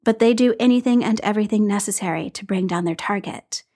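A woman reading a story aloud and voicing a calm, dry, affectionate adult man in a measured, low-key way. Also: close to an everyday voice.

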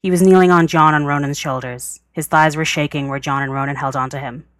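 A woman reading a fan story aloud in a steady narrating voice. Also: sits low, a little fast, dry recording, studio quality. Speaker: podfic reader. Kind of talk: scripted narration.

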